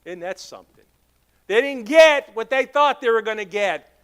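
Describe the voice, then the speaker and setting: A pastor with a Southern accent preaching a sermon, telling stories and acting out the dialogue, teasing members of the congregation by name. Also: male voice, very high voice, lively intonation, moderate pace, fairly bright tone, clear, resonant tone. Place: church sanctuary.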